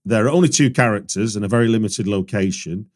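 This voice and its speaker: A man's voice: fairly low pitch, quick pace. A man hosting a podcast, asking questions in a chatty, joking way. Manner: chatty, jokey interviewer asking follow-up questions. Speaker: podcast host. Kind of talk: casual podcast interview.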